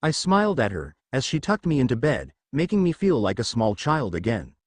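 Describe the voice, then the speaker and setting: A man narrating a first-person story in an expressive reading voice. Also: medium pitch, normal speed, no room sound.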